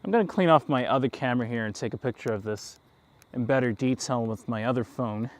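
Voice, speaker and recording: A man's voice: mid-range voice, a little fast. Chatty man with a slight New York accent. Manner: rambling, chatty, chuckling asides. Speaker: livestream host. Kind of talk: casual walk-and-talk livestream. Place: outdoors on town streets at night.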